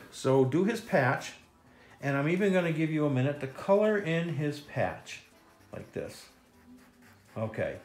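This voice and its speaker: A man leading a kids' step-by-step drawing lesson, playful and jokey, with silly sound effects. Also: mid-range voice. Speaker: children's drawing instructor.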